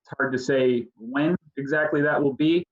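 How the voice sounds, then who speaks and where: A man giving a policy briefing at a virtual town hall, talking fast with many fillers and restarts over a video call. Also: medium pitch, fairly even intonation. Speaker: state legislative policy advisor. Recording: dull lo-fi video call audio.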